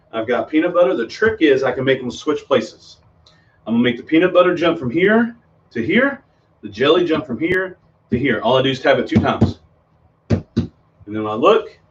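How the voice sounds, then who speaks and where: A middle-aged children's magician performs tricks for kids on a video stream from a room in his home. His mid-range voice comes with a little hiss or hum, and he chats in a rambling way with lots of ums and restarts. The home-video sound is distant and dull.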